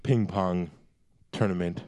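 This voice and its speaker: A man's voice: low-pitched, steady tone, slow pace, mellow, no echo. A man hosting a podcast in loose, joking chat, swearing freely. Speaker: podcast host. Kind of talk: casual chat.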